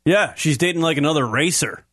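A man's voice: fairly high pitch, expressive, brisk, fairly bright tone, dry recording. A young man co-hosting a casual, crude comedy talk show, rambling into brash, swearing rants. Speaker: co-host.

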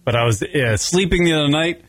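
Male radio host from Long Island, fairly high, profane, rambling, dry studio sound. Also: a little fast, dry recording. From Long Island, New York. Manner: profane, rambling, animated storytelling. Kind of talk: casual comedy radio chat.

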